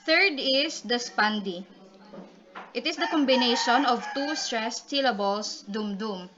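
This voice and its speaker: A woman with a fairly high voice speaks a little slowly against a noisy background while giving a poetry report to her class. She explains and calls on classmates by name in a dull, lo-fi recording.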